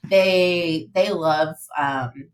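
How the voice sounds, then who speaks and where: Young woman with a low voice, rambly podcast guest, lots of likes and ums. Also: extremely slow, rough recording. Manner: rambling, heavy on "like" and "um". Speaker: athletic trainer guest. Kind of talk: casual podcast chat.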